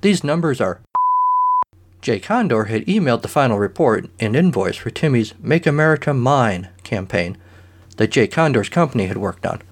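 A man's voice: medium pitch, lively intonation, moderate pace. A man narrating a comic short story in a dry, matter-of-fact way.

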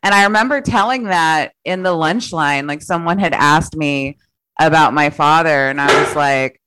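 A woman comedian in a casual interview, telling childhood stories in a chatty way, laughing often and quoting herself in lively put-on voices. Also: low-pitched, normal speed, clear, resonant tone, no echo, soft background music, rough recording. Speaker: comedian guest.

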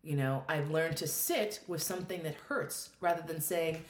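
Brief: woman guest, lowish voice, animated candid storytelling, swears freely, roomy echo. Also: moderate pace, a little hiss or hum. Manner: expressive, swears freely, acts out quoted thoughts. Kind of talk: candid storytelling in a podcast conversation.

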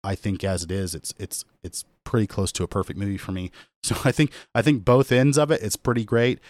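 A man's voice: lowish voice, fairly even intonation, brisk, darkish tone, dry recording. Rambling enthusiastic man, dry studio sound. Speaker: podcast co-host. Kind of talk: casual chat. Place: podcast studio.

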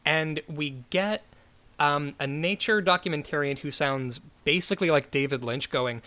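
A man's voice: on the high side, normal speed. A man casually recapping a TV episode as a podcast co-host, swearing and acting out the characters he quotes. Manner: animated, swears, many fillers, acts out quoted characters.

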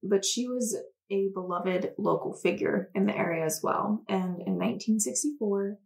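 A woman co-hosting a casual podcast, chatty and enthusiastic as she tells a spooky story. Her voice sits in a middle register with a noticeable gravelly fry. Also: mid-range voice, normal speed, poor audio. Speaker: podcast co-host. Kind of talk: casual chat.

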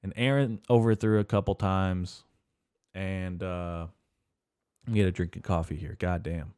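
A man with a lowish, smooth voice, recorded dry and close, hosting a casual solo podcast rant. He rambles and swears constantly, with plenty of "uh"s and restarts. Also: fairly even intonation, a little slow, darkish tone, no echo. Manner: profane, rambling, heavy swearing; filler-heavy, restarts often. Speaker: podcast host.

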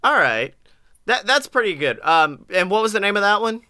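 A man co-hosting a podcast in casual, joking chat, animated and a bit profane. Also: high-pitched, moderate pace, dry recording. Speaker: podcast co-host.

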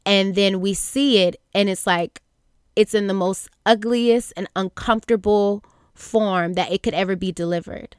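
A young woman hosting a faith podcast, speaking earnestly and haltingly with many fillers and restarts. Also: mid-range voice, smooth, no echo, studio quality. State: near tears at times. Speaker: podcast host. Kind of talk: reflective faith podcast monologue.

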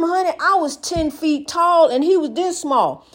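A woman's voice: extremely high pitch, unhurried. A middle-aged woman giving an emphatic, preachy inspirational monologue, often calling the listener honey. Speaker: speaker giving life advice.

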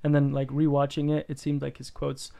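A man's voice: fairly high pitch, fairly quick, gravelly. A man co-hosting a casual movie chat, telling stories animatedly and swearing freely. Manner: animated, profane storytelling. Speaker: podcast co-host.

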